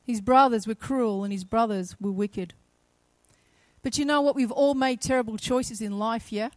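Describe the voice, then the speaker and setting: A woman delivers a sermon, retelling a story with dramatic flair and voicing its characters. Her voice sits high. The sound is dry and close, with little room echo. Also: normal speed. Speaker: preacher.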